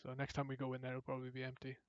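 Rapid-fire and mid-range, this man's voice comes through a dry, dull lo-fi recording without room sound. Co-hosting a podcast, he chats casually and animates his stories by performing the people in them.

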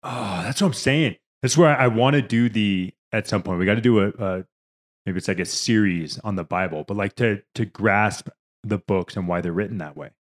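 A man's voice: fairly low pitch, moderate pace. A man co-hosting a podcast, chatting casually and mostly giving short agreeing replies. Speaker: podcast co-host.

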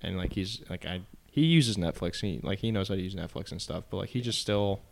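A man's voice: low voice, fairly quick, vocal fry, a little hiss or hum. A young man chatting casually and laid-back, with lots of "like" fillers. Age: young adult. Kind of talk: casual chat.

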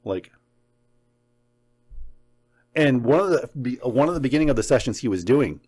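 A man in casual conversation, telling a story with animated excitement. His voice sits at an ordinary mid pitch, and he lets a curse word slip when he gets worked up. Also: moderate pace. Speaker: podcast co-host. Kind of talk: casual chat about paranormal recordings.

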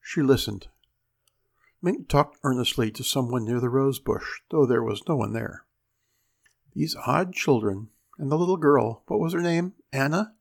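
A man narrating a story aloud in an expressive reading style, giving the characters their voices. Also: mid-range voice, a little slow, creaky.

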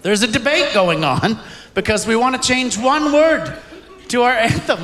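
A man doing stand-up before a live audience, shouting out his punchlines. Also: very high voice, lively intonation, normal speed. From Canada. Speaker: stand-up comedian. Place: stage in a large room with an audience. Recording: echoey live recording with crowd noise.

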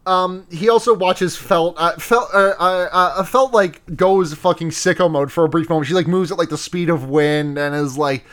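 Rambling, slightly high-voiced man recapping casually. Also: normal speed, few pauses, fairly bright tone. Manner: rambling, heavy on fillers and swearing. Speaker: podcast co-host. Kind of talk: casual recap of an anime episode.

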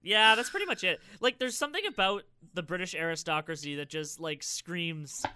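A man's voice: high-pitched, animated, brisk, pushed and bright, clear, resonant tone, no echo. A man hosting a podcast, chatting casually and sardonically explaining stories. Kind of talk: casual chat.

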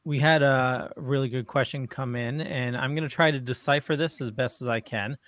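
A man hosting an interview, reading viewer questions aloud in a halting, casual way. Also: mid-range voice, fairly even intonation, a bit bright, no room sound.

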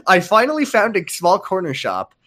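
Female podcast co-host, comedic dramatic reader, pitch jumping widely. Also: moderate pace, heavy background noise. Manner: animated, laughing, theatrical. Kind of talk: comedic dramatic reading of a story.

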